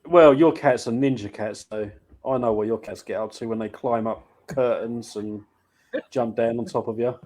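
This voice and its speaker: A man's voice: medium pitch, fairly even intonation, moderate pace, darkish tone. A man hosting a casual talk show, teasing his guest and laughing often. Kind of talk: casual chat.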